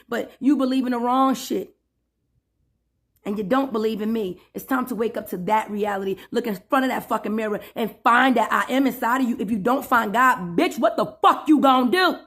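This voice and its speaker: Preachy, profane woman with a higher voice. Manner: preachy and profane, calls listener 'boo' and 'my friend'; drawn-out emphatic phrasing with sudden loud outbursts. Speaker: self-styled spiritual preacher. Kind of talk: satirical sermon-style rant to camera.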